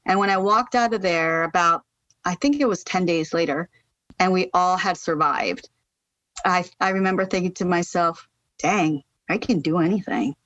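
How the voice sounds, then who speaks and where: A middle-aged American woman from Pennsylvania, a charity founder telling her story as a podcast guest, lively and emphatic, jumping up in pitch when she gets fired up. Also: normal speed, dry recording, dull audio. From United States. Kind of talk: casual interview storytelling.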